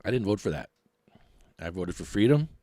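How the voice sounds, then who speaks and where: A middle-aged man, hosting a podcast and ranting in a mocking, animated way. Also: fairly low pitch, moderate pace, no room sound. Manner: animated, mocking, laughs often. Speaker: podcast host.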